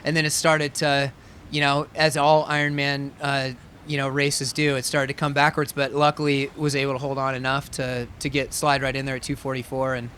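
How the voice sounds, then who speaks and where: A man's voice: mid-range voice, completely flat delivery, normal speed, a bit bright, a little hiss or hum. A man in his thirties, a professional athlete being interviewed, talking easygoing with lots of fillers. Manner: easygoing, frequent fillers and laughs. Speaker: pro triathlete guest. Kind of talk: casual interview.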